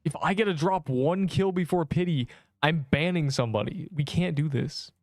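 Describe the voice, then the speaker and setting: A man's voice: on the high side, moderate pace, a little mellow, dry recording. A young man streaming a game, joking and rambling as he teases the viewers in his chat. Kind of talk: casual gameplay livestream chat.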